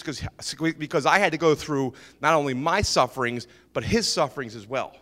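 In a ministry meeting hall with a long reverb tail, a man with a high-leaning, brisk voice shares a church testimony about his business. He tells it informally and lively, acting out what people said, with many repeats and restarts.

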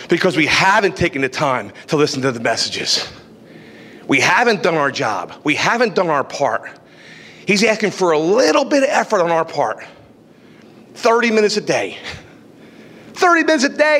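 Animated male preacher in a reverberant hall. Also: high-pitched. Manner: animated preaching, acts out inner voices. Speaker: pastor. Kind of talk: sermon.

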